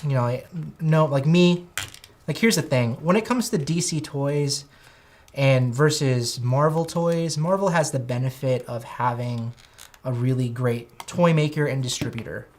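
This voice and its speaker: A man with a high-pitched, whiny voice, rambling enthusiastically as he chats casually on a toy unboxing livestream. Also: unhurried, darkish tone. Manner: rambling, enthusiastic, self-correcting. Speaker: toy collector streamer.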